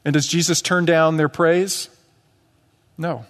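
Pastor, man, fairly high voice, conversational sermon with acted-out bits, church hall reverb. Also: steady tone, slow, fairly bright tone. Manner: conversational preaching with acted-out quotes. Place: church sanctuary.

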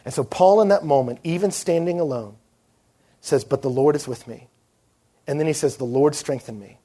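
A man giving a conversational conference sermon, dropping to a hushed voice to stress a point. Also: on the high side, expressive, brisk, slightly rough. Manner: conversational preaching, drops to a hushed voice for emphasis. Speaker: pastor.

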